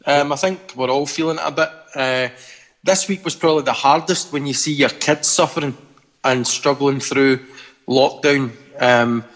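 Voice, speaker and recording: A man's voice: mid-range voice, steady tone, normal speed, fairly bright tone. A man, a pastor, speaking plainly and steadily on a video call.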